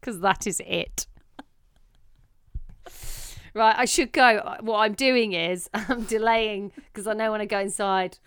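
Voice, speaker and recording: Young mum cohost joking around, smooth clear voice, dry close mic. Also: female voice, mid-range voice, slow pace, long pauses, fairly bright tone, dry recording. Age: young adult. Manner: teasing, joking. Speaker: podcast co-host. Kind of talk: casual chat.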